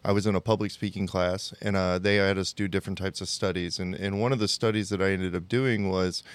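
Podcast host guy, lowish smooth voice, close and dry. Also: fairly even intonation, a little fast, dry recording. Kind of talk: casual interview.

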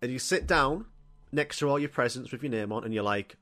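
This is a man hosting a comedy podcast, rattling through crude stories with plenty of swearing. He acts out the scenes as he goes, in a voice of ordinary middle pitch for a man. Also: a little fast, sharp tone. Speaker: podcast host. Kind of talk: comic storytelling monologue.

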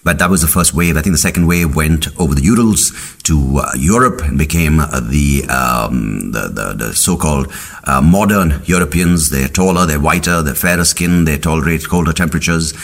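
Deep-voiced punning podcast man. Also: moderate pace. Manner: rambling, punning, jumps into silly voices. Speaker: podcast host. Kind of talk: comedic monologue.

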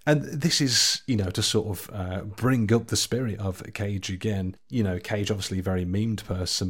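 Thoughtful, low-voiced man co-hosting a podcast. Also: slightly rough. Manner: thoughtful, lots of filler words. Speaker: podcast co-host. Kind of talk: casual film podcast chat.

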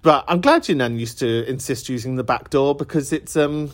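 A man's voice: mid-range voice, moderate pace. A man hosting a podcast, chatting casually and reacting to voicemails with bursts of laughter. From England. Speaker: podcast host. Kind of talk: casual chat answering voicemails.

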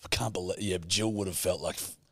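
A man's voice: low voice, steady tone, quick pace, gravelly, a bit bright, no room sound, studio quality. A man with an Australian accent, co-hosting a podcast in casual banter, swearing freely and cracking puns. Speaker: podcast co-host.

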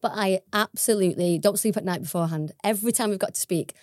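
A woman's voice: mid-range voice, fast talker, no echo, clean studio sound. A woman with a Salford accent, a business co-founder talking candidly and laughing often in a casual interview. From Salford, England. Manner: candid, laughs often, animated when excited.

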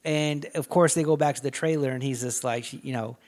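A man's voice: mid-range voice, brisk, darkish tone. A man on a podcast, casually recapping a movie with crude jokes and acted-out lines. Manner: crude, laughing, acts out lines. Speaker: podcast co-host.

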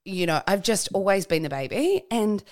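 A woman's voice: mid-range voice, sing-song, moderate pace. A young woman hosting a podcast, chatting casually and speaking candidly about her fears. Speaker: podcast host. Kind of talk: casual conversational interview.

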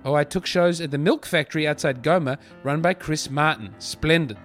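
A man's voice: a little high, normal speed, faint music behind. A man hosting a comedy podcast, reading a listener's letter aloud and breaking off with wry asides. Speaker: podcast host.

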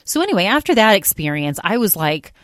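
A woman's voice: mid-range voice, very animated, brisk, no echo, clean studio sound. A woman hosting her own podcast, talking in a rambling, exasperated way full of fillers. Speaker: podcast host. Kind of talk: casual solo podcast monologue.

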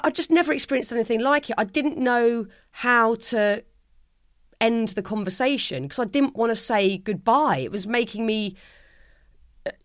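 A middle-aged woman with a slightly high voice talks reflectively as an interview guest, recorded dry at studio quality. She speaks in a heartfelt, earnest manner and often restarts what she's saying.

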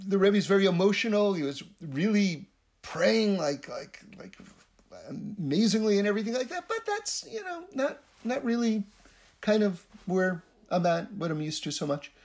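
A man's voice: sits high, sing-song, normal speed, a little mellow. A man voicing a polite male visitor who is hesitant at first and then insistent.

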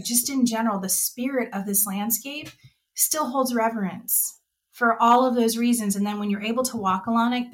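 Passionate middle-aged woman, slightly high. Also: fairly bright tone. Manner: passionate, heartfelt. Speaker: executive director of a trail nonprofit. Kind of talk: podcast interview.

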